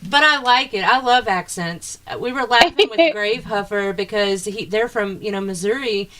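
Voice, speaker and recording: A woman's voice: medium pitch, normal speed, a crowd in the background. A woman with a Southern US accent, co-hosting an interview in a chatty way, swearing freely and drawing her words out. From American South. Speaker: co-host. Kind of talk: casual chat.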